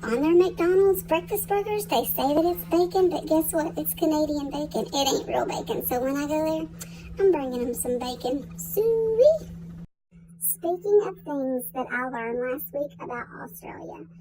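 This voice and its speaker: A woman's voice: high voice, dark tone, slight background noise, poor audio. A tired woman chatting casually to camera from a hospital room, in a folksy, rambling way. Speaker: vlogger.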